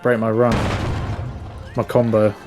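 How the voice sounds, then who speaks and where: A man's voice: on the low side, monotone, slow pace. A man chatting as a guest on a game stream, with dry, understated humor. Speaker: guest gamer. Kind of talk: casual gaming chat. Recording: game music behind.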